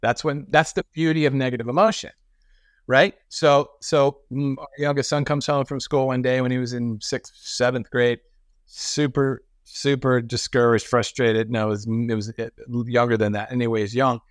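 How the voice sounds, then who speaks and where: A middle-aged man telling stories as a podcast guest, animated and acting out the voices of people he quotes. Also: medium pitch, normal speed, dry recording, studio quality. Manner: frequent restarts and repetitions. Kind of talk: conversational storytelling.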